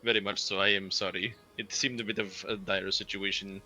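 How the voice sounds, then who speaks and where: Male player, low-ish pitch, bright and crisp tone, polite. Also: level tone, fairly quick, faint music behind, rough recording. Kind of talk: tabletop game play.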